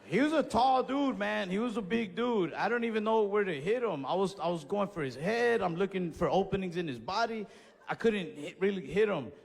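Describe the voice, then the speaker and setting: A man doing stand-up storytelling on a comedy club stage, animated, acting out voices and yells. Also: high voice, moderate pace, creaky, husky. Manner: animated, acts out voices and yells in his stories. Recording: stage mic in a reverberant venue.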